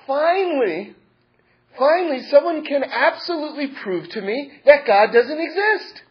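A man's voice: unhurried, highs cut off. A man doing a gleeful, gushing old rabbi. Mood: delighted. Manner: gushing, high excited exclamations. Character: overjoyed elderly male rabbi, exuberant and warm.

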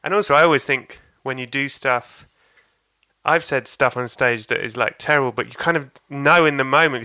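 A man's voice: medium pitch, moderate pace, sharp tone, clear, resonant tone. A man, a comedian, telling a story in casual chat, laughing often and acting out voices. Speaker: stand-up comedian guest.

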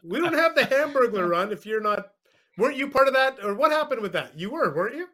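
A man appearing as a guest sports writer, thinking out loud and second-guessing his memory as he talks. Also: very high-pitched, big pitch swings, fast. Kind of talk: casual chat.

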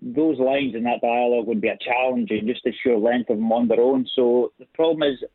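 Scottish man, chatty and self-deprecating, mid pitch, dry tinny phone sound. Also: steady tone, a little fast, no echo. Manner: talkative, self-deprecating, restless. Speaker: guest actor. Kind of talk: casual chat. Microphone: phone call.

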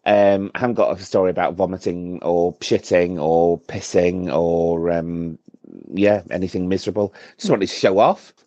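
A man's voice: sits low, fairly even intonation, normal speed, dark tone, no echo. A camp man from Bradford, chattily and cheekily showing off in a voice message to a podcast. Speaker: listener leaving a voice note. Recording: dull, dry voice-note recording.

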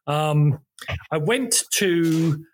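A man's voice: fairly high pitch, drawn-out words, darkish tone, slight background noise. A man on a podcast recounting music-journalism anecdotes in a rambling, self-interrupting way, recording from a room at home. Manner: rambling, self-interrupting, many ums and restarts. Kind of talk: casual anecdotal chat. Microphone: home recording, video call.

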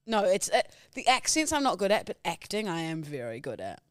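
A man's voice: sits high, huge pitch swings, a little fast, clean tone, dry recording, clean studio sound. Playful man in his thirties. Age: 30s. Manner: playful, self-mocking, boastful in jest. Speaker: podcast co-host. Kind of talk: casual comedic banter.

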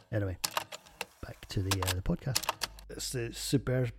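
A man's voice: fairly low pitch, moderate pace, gravelly, darkish tone, slight background noise. A man with a Scottish accent hosting a casual solo podcast, rambling and jokey with plenty of swearing. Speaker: podcast host reviewing beers.

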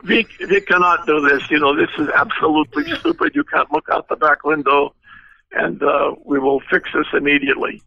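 A man's voice: on the high side, expressive, fairly quick, gravelly, sharp tone, no room sound, highs cut off, exaggerated voice. An older man voicing an indignant male car engineer with a thick Russian accent, sputtering with outrage. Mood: outraged.

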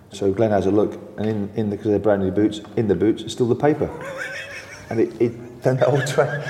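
An older man with a lively, anecdotal storytelling manner, recounting old football tales as an interview guest and laughing often. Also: on the low side, a little fast, roomy sound, in a large hall, slight background noise.

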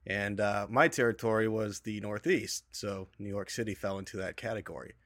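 A man guesting on a comedy podcast, spinning a story in a relaxed, meandering way with plenty of "uh"s. His voice is fairly low. The recording is dry and close. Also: normal speed, no echo. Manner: laid-back storyteller, frequent fillers and "right?". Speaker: guest, copier salesman.

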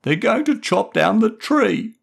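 A stubborn little boy with a high, pleading voice and big swings in pitch, as a man puts him on. He wails and insists, like a child in a storybook read aloud. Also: very animated, measured pace. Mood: defiant. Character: young boy, tearful and stubborn.

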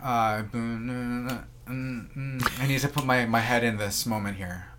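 A man's voice: mid-range voice, fairly even intonation, a little slow, a crowd in the background. A man chatting casually as a podcast guest, rambling with many fillers and restarts as he describes things. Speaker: sommelier guest.

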